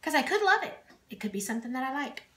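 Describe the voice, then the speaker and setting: A middle-aged woman with a high, sing-song voice talks fast to the camera in her home kitchen, with heavy noise in the background. She rambles casually through her cooking vlog, full of asides and fillers.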